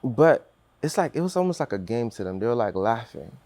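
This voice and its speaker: A man's voice: medium pitch, sing-song, a little fast, a little mellow, dry recording. A man telling a personal story on a podcast in earnest, acting out what others said, with many restarts.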